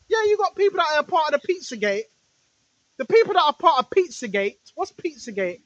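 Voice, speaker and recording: A high-pitched woman preaches in a loose, wandering monologue, circling back to the same phrases and asking her listeners questions she answers herself. The recording is close and dry, with no room sound around her voice. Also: very animated, brisk, no echo, dull audio. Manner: repetitive, fires rhetorical questions at listeners; talks straight to listeners, now and then shouting rebukes at spirits. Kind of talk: rambling spiritual monologue.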